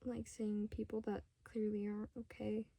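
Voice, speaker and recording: A fifteen-year-old girl ranting casually to camera at home, rambling and sidetracked, talking fast in bursts and often dropping to a whisper. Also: medium pitch, monotone, vocal fry, dark tone, slightly rough, dry recording. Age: 15, teenager. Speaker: vlogger. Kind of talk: casual unscripted rant to camera.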